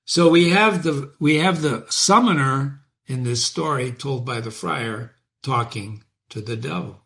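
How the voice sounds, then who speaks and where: A man's voice: mid-range voice, measured pace, creaky, fairly bright tone. A man who reads classic poetry aloud as host and breaks off for casual explanatory asides. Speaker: host and reader. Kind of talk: reading classic poetry with commentary.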